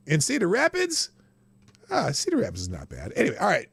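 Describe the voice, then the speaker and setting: Rambling, lively-voiced man from Nebraska. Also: high voice, brisk, creaky, slightly rough. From Nebraska, US Midwest. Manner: rambling, chatty, talks to himself while working the screen. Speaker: show host. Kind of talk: casual live news commentary.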